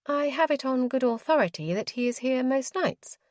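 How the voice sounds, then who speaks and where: Woman doing posh young lady, prim and clipped, higher voice, dry close mic. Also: lively intonation, normal speed, no echo. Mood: formal, nervous. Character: proud, well-bred young lady, nervous but insistent.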